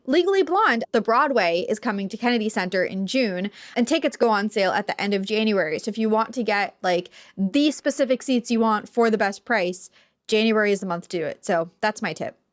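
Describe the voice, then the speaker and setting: Upbeat chatty woman giving tips. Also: on the high side. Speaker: podcast guest. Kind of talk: casual chat.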